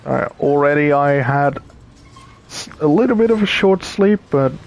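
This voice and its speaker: A man streaming a puzzle game, thinking aloud with pauses and chatting to viewers, tired and yawning. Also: a little high, expressive. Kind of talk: casual let's-play commentary.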